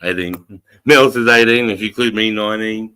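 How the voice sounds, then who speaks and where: A man's voice: lowish voice, steady tone, fairly quick, pushed and bright, clean tone. A middle-aged Australian man hosting a casual livestream, greeting viewers in a laid-back, sweary way. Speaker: livestream host.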